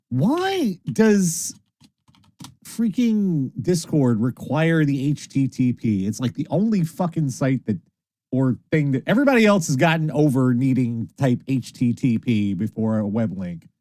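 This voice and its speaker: Lively, tired male stream host. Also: medium pitch, a little slow. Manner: lively, rambling, swears casually. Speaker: internet radio host. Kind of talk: casual late-night stream chat.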